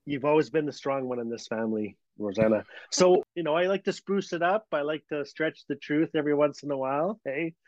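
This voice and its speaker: A man from Northern Canada telling a story with a lively, laughing delivery, his voice sitting somewhat high for a man. The sound is dry and dull, like a lo-fi recording. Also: brisk, hardly any pauses, dry recording. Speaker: guest storyteller. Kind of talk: animated storytelling.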